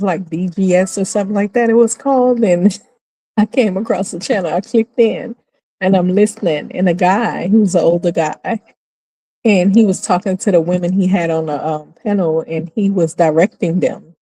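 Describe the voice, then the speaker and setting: A middle-aged woman hosting her channel, telling a story in casual commentary and acting out quotes with high squeals and laughs. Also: normal speed, warm tone, no echo, poor audio. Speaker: channel host.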